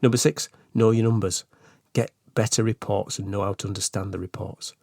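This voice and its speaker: A man talks through his solo management podcast, chatty and earnest, dropping in asides. His voice sits fairly low, and the close, dry recording puts him right at your ear. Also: steady tone, fairly quick, gravelly, warm tone, no room sound. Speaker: podcast host.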